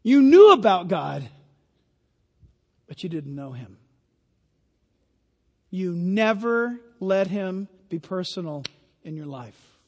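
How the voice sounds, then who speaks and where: High-voiced preacher in an echoing hall. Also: male voice, expressive, slow pace, pauses often, darkish tone. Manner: emphatic, storytelling. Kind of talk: sermon. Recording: long hall reverb.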